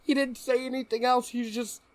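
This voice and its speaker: A man's voice: very high voice, level tone, normal speed. A man co-hosting a podcast, telling a story in casual chat and laughing often as he goes. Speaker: podcast co-host.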